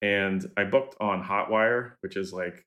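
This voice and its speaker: Low-voiced man telling a story. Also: measured pace. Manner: relaxed, hesitant, filler-heavy. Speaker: podcast co-host. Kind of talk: casual storytelling.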